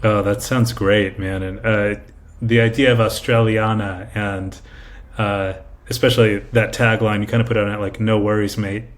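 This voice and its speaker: A man's voice: lowish voice, flat delivery, moderate pace. A man hosting a podcast interview, enthusiastic and full of fillers like "like" and "you know". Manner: enthusiastic, filler-heavy, says "like" often. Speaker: podcast host. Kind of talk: casual interview chat.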